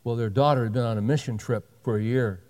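A man preaches a sermon by telling a story conversationally, acting out what people said in quick back-and-forth dialogue. His medium-pitched voice is steady and a little mellow, and the recording has a long hall reverb.

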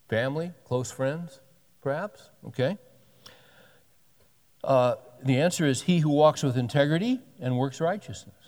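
Preaching in a relaxed, folksy style, a pastor in his sixties reads scripture with mounting emphasis and tosses in wry jokes. His voice is a little high, his speed normal, and he leaves long pauses. A long reverb makes it sound like he's filling a big hall.

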